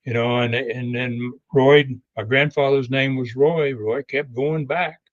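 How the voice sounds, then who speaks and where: An older man and guest telling a long anecdotal story, unhurried and full of fillers and restarts. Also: medium pitch, fairly even intonation, lo-fi sound. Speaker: wrestling legend guest.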